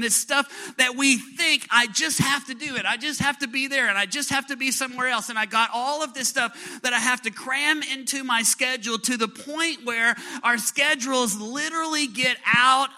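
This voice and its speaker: A man preaching a sermon to a congregation, animated and playful, acting out little scenes and leading call-and-response. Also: extremely high pitch. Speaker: pastor.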